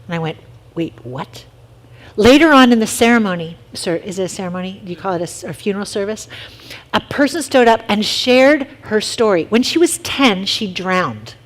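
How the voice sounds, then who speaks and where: A woman leading a casual youth talk for middle schoolers, telling lively stories and asking the group questions. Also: medium pitch, brisk.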